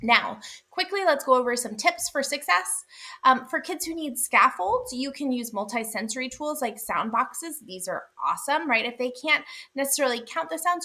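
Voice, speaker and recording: A woman with a bright, ringing, fairly high voice walks fellow teachers through a classroom method. She keeps it casual and upbeat, dropping fillers and frequent "right?" check-ins. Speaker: literacy teacher trainer.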